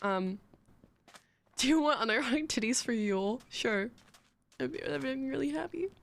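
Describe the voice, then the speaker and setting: A young woman live-streaming and rambling casually to her viewers. Her voice sits a touch higher than most, and she giggles and pokes fun at herself as she goes. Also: lively intonation, normal speed, vocal fry. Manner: rambling, giggly, self-mocking banter.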